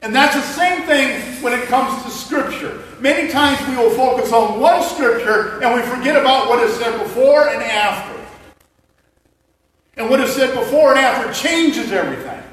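High-voiced pastor man cracking jokes in his sermon, big echo, mic far off. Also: animated, normal speed, fairly bright tone, a little hiss or hum. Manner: conversational, joking preacher. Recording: echoey hall mic from far off.

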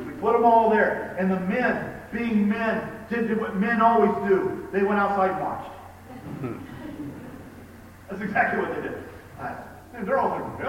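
A man preaching a sermon, telling stories with animated emphasis and reading scripture aloud. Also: high-pitched, a little hiss or hum. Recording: echoey hall, distant mic with faint ambience.

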